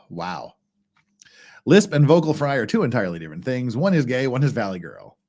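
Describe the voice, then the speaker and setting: A man's voice: mid-range voice, big pitch swings, moderate pace, darkish tone. A man hosting a casual legal commentary stream, sarcastic and mocking, laughing often, with a slightly thick tongue.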